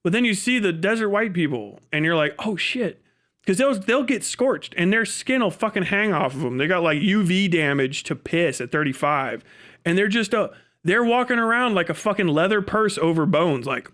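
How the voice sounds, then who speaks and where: A man's voice: high voice, fairly bright tone. A man streaming live, chatting casually, riffing crude jokes with lots of swearing and laughter. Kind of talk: casual livestream chat.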